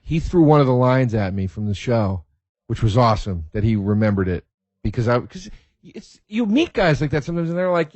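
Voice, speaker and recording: A man hosting a podcast, telling stories in a casual, profane, excitable way and laughing as he talks. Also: medium pitch, fairly quick, dry recording, lo-fi sound. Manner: profane, excitable storyteller who laughs mid-sentence. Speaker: podcast host. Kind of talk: casual storytelling.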